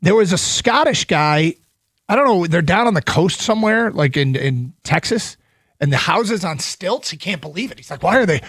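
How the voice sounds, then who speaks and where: A man's voice: sits high, moderate pace, husky, no echo. A man hosting a sports talk radio show, chatting enthusiastically in a studio. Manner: enthusiastic, animated. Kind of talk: casual sports radio chat.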